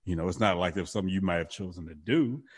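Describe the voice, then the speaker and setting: A man's voice: deep voice, fast, slightly rough. A man in casual conversation who rambles, restarts his sentences and laughs often. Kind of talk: casual podcast chat.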